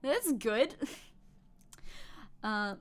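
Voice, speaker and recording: A woman's voice: a little high, big pitch swings, very slow. A woman streaming live, chatting casually and reading news and chat messages aloud, opinionated, swearing casually and laughing often. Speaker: VTuber streamer.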